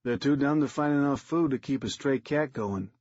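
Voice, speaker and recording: A man's voice: mid-range voice, normal speed, a little mellow, no echo, muffled recording, close to an everyday voice. A man narrator voicing a huge tattooed ex-con who muses and speculates aloud. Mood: musing. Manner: musing, speculative.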